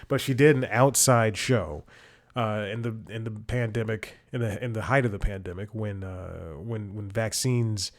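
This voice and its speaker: A man hosting a podcast, giving a casual, rambling intro with self-corrections and chuckling asides. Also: on the low side. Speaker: podcast host.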